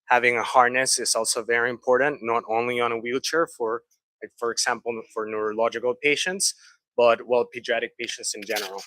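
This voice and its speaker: A man talks a training group through pediatric mobility products in a fluent, explanatory way, now and then turning lightly conversational. His voice is bright and forward, recorded close and dry. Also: mid-range voice, fairly even intonation, brisk, no room sound, rough recording. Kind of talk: presentation. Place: training room.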